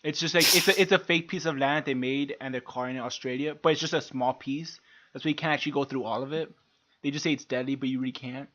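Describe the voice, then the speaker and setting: A man co-hosting a podcast in casual chat, talking excitably, swearing often and laughing a lot. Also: medium pitch, fast talker, muffled recording. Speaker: podcast co-host.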